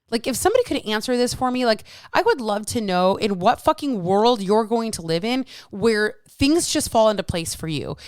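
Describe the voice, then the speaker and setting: A woman in her thirties rants on her own podcast, blunt and exasperated, swearing freely. Her voice is smooth and clear. The sound is dry and close, with no room around it. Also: mid-range voice, no echo. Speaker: fitness coach and podcast host. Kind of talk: solo podcast rant.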